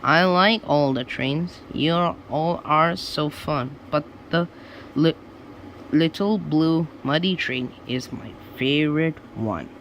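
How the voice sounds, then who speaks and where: A man reading a storybook aloud and voicing a bossy, hurried woman judge who keeps urging the train on. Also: on the high side, fairly bright tone, a little hiss or hum. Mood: pleased. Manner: urgent, insistent calling out.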